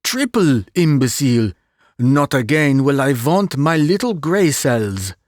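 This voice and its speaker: A man voicing a fussy, vain, excitable middle-aged Belgian detective who drops French phrases, in an audiobook reading. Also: medium pitch, a little slow, no room sound, clean studio sound.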